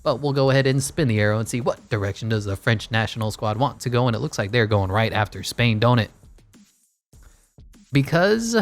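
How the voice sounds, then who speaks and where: A man giving casual play-by-play commentary over a basketball video game, with wry joking asides. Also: mid-range voice. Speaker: gaming YouTuber.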